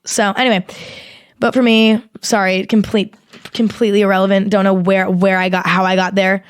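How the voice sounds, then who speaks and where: A young woman hosting a casual solo podcast, rambling and swearing as she talks in an animated, exaggerated way into a close mic. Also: mid-range voice, normal speed, clean tone, no echo. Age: young adult. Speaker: podcast host.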